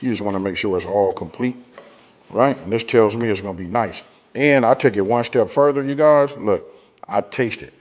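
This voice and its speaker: A man's voice: fairly low pitch, normal speed, darkish tone, lo-fi sound. Laid-back man demonstrating cooking. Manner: laid-back, talks straight to viewers with lots of "right?". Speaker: cooking show host.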